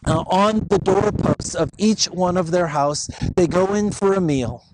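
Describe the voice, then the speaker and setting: A man's voice: high-pitched, measured pace, very noisy. A male pastor retelling a story in a casual, conversational sermon, with fillers and asides.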